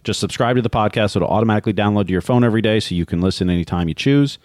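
A man co-hosting a sports podcast, briskly reading listener mail and giving plugs. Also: lowish voice, darkish tone, no echo, clean studio sound. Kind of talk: casual chat.

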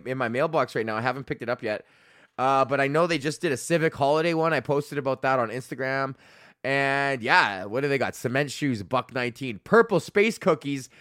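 A man's voice: mid-range voice, a bit bright, no echo, clean studio sound. A man hosting his podcast in a casual, profane, rambling rant with laughing asides. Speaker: podcast host. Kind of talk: casual ranting monologue.

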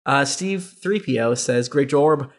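A man's voice: mid-range voice, a little slow. A man hosting a podcast, reading listener reviews aloud in a casual way with joking asides. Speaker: podcast host.

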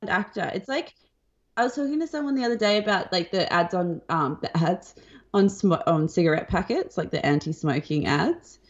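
A young woman co-hosting a podcast, chatting in an animated, wry way. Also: on the low side, moderate pace. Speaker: podcast co-host. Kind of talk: casual chat. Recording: dull lo-fi sound.

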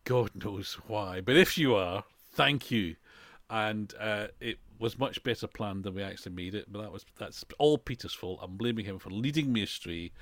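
A man's voice: mid-range voice, a bit bright, no echo. A man co-hosting a casual podcast chat, rambling and laughing often. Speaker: podcast co-host. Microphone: headphones and desk mic.

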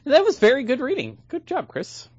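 A man's voice: very high voice, wildly swooping pitch, brisk, husky, no echo, lo-fi sound. A man co-hosting a podcast, teasing his friends with wry banter. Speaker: podcast co-host. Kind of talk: casual podcast chat.

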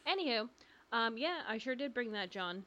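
A woman's voice: a little high, animated, moderate pace, sharp tone, muffled recording, a little hiss or hum. A young woman co-hosting a podcast in casual chat, rambling and laughing often. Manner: giggly, rambling with frequent ums. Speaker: podcast co-host.

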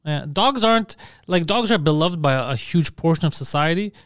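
A man co-hosting a comedy podcast, cracking quick jokes and drifting into long musing tangents. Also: fairly high pitch, expressive, fairly bright tone, clear, resonant tone, dry recording, clean studio sound. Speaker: podcast co-host. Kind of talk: casual comedic chat.

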